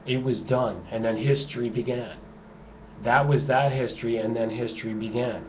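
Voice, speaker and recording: A man's voice: mid-range voice, steady tone, normal speed. A man delivering a sarcastic, emphatic ranting monologue to camera, repeating his points for effect. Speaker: video blogger. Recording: dull lo-fi home recording with noise.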